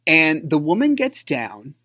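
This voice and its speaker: A man hosting a podcast, telling a personal story in a rambling way, full of "like", sometimes dropping to a low murmur. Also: wildly swooping pitch, unhurried, bright, forceful tone. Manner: rambling, frequent filler "like". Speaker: podcast host.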